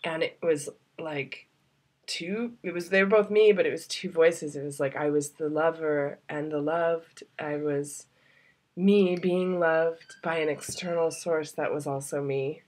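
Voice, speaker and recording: Husky-voiced woman, confiding and heartfelt. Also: sits low, steady tone, a little slow, darkish tone. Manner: heartfelt and confiding, drifting into near-whispers; loose, rambling, with many fillers. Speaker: travel vlogger. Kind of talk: personal storytelling to camera.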